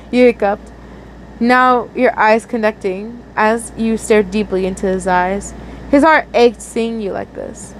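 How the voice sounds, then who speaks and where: A woman's voice: mid-range voice, slight background noise, low-quality recording. A young woman earnestly reading a romantic fan story aloud, often stumbling and restarting words. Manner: earnest, with frequent slips and restarts. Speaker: fanfiction reader.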